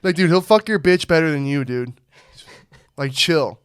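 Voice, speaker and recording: A man's voice: on the high side, moderate pace, clear, resonant tone, no room sound, clean studio sound. A man co-hosting a casual chat, supportive, blunt and profane.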